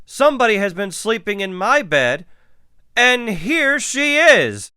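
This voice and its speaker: Man voicing a shrill, squeaky bear cub girl, storybook reading. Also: sing-song, slow, bright, forceful tone, clean tone, dry recording, clean studio sound, heavily acted. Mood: squealing. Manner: wailing, squealing.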